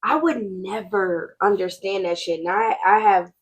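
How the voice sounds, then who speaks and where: A woman on a podcast speaking frankly and bluntly in a slangy, headstrong way. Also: medium pitch. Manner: frank, headstrong, slangy, reacts with quick interjections. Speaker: podcast co-host. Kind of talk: casual chat.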